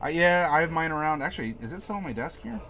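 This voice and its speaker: A man's voice: fairly high pitch, expressive, fast talker, bright, forceful tone. A man hosting a live stream from his home desk, chatting casually with viewers and answering the chat aloud in a rambling way. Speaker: streamer host.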